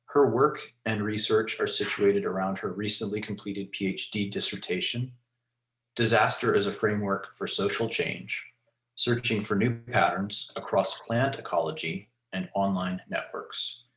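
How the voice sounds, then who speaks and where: A man with a lowish voice reads a formal introduction of a guest speaker. He lists item after item at a measured pace. The sound is roomy and echoey. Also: fairly bright tone. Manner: measured, lists items one after another.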